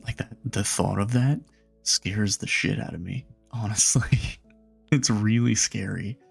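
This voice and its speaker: A young man streaming live, bantering and joking with his chat in a relaxed, casual way. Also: lowish voice, measured pace, vocal fry, slightly rough, soft background music. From Nebraska, USA.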